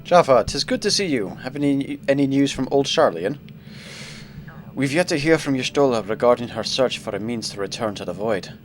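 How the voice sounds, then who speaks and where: A man's voice: medium pitch, lively intonation, normal speed, slight background noise, close to an everyday voice. A man reading a courteous noble lord's lines in a put-on Scottish accent, with formal old-fashioned phrasing.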